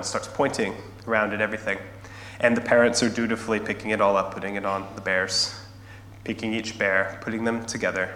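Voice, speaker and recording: A man preaching a sermon, telling a story earnestly and slowing down and going softer to drive his points home. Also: on the low side, steady tone. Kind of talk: sermon with scripture reading and storytelling. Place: large echoing church hall. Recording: echoey hall, faint hum.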